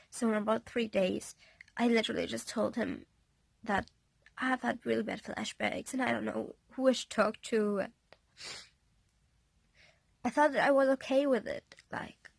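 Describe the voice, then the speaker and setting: A young woman vlogging from a bed, shaken after a panic attack, talking in a halting, apologetic way that often drops to a soft half-whisper. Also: a little high, creaky, dry recording. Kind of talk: confessional personal vlog. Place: indoors, on a bed in a bedroom.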